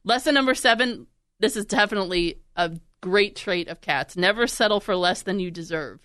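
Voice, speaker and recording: A woman hosting a podcast in casual chat, chatty and laughing, quick to act out animals. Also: mid-range voice, fairly bright tone, no echo, studio quality. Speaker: podcast host and radio producer.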